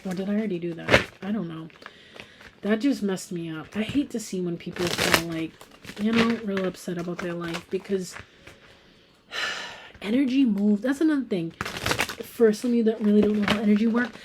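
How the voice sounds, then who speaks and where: A woman giving a casual pick-a-card tarot reading, chatty and emphatic, talking straight to her viewers and sometimes dropping to a soft whisper for emphasis. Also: mid-range voice, moderate pace, pauses often, background noise. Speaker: tarot reader.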